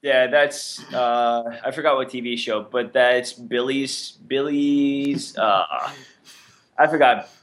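A man's voice: mid-range voice, takes it slowly, fairly bright tone. A man co-hosting a casual podcast, teasing and arguing with his co-host. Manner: teasing, argumentative.

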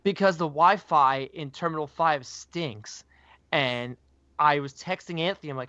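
A man's voice: fairly high pitch, normal speed, fairly bright tone, dry recording. A man co-hosting a podcast in casual chat, rambling and filling his talk with "like". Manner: rambling, fills speech with "like". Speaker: podcast co-host. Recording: dull lo-fi dry sound.

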